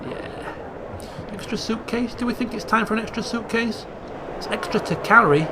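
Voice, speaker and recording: A man hosting a let's play, reading game text aloud with theatrical, chuckling commentary and hushed asides. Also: high voice, moderate pace, noisy background. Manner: theatrical, chuckling, swings between hushed asides and loud exclaims.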